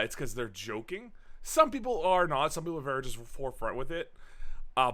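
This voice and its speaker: A man on a casual gaming podcast with a bright, forceful tone that sits at an ordinary pitch. He talks in an animated, rambling way, swears freely and restarts his sentences often. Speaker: podcast co-host.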